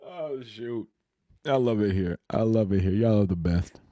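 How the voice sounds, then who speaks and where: A man chatting casually on his live stream, greeting viewers and laughing easily between remarks. His voice sits a little low and sounds mellow. The sound is dry and close, with no room echo. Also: lively intonation, unhurried. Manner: laughs often, greets and answers chat. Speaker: crypto live-stream host.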